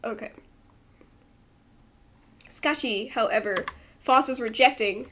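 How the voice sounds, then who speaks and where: A woman's voice: a little high, normal speed, a little hiss or hum. A woman streaming as she translates a manga, chatting casually and thinking aloud with many fillers and restarts, from a desk microphone at home. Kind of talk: casual livestream commentary.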